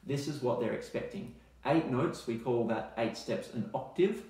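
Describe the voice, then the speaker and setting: An Australian man teaching music in a relaxed, chatty way, now and then singing scale notes to demonstrate. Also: medium pitch, moderate pace, very echoey. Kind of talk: recorded online music lesson.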